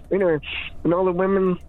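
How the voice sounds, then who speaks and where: Sounding tinny, as if over a phone, a high-voiced podcast regular rambles and giggles through casual chat. His delivery is flat and a little fast, and he keeps laughing and starting his sentences over.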